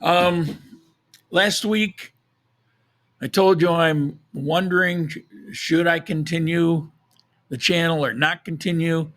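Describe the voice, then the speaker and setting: A man hosting a live podcast, chatting casually with a hoarse, froggy voice, rambling and correcting himself as he goes. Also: on the high side, fairly even intonation, slow, pauses often, fairly bright tone. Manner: rambling, self-correcting, chuckles at own jokes. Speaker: podcast host. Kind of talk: casual live-stream chat.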